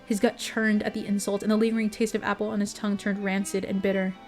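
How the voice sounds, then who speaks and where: A woman reads a bedtime story aloud at a steady, even pace. She is expressive but unhurried and corrects the odd stumble as she goes. Soft guitar music plays faintly underneath. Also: medium pitch. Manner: steady, expressive reading with small slips. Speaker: streamer reading a story.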